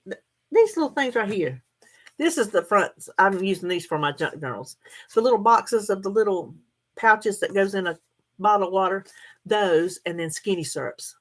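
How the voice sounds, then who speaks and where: Her voice medium-pitched and a bit bright, a middle-aged woman from the United States runs a livestream. She chats easily with her audience, laughing frequently as she responds to their comments.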